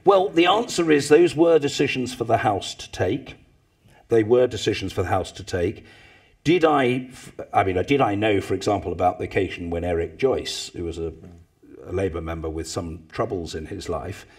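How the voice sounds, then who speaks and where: A man, telling anecdotes to a live audience, with loud mimicking bursts. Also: lowish voice, moderate pace, breathy edge. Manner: animated storyteller, mimics others with loud bursts. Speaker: former parliamentary speaker, guest.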